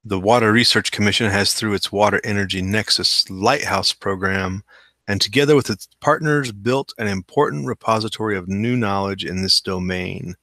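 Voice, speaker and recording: A man's voice: fairly low pitch, moderate pace, sharp tone, dry recording. A man hosting a casual news show, reading articles aloud and adding wry, skeptical asides. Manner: skeptical, wry asides between read quotes. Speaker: host reading and commenting on articles.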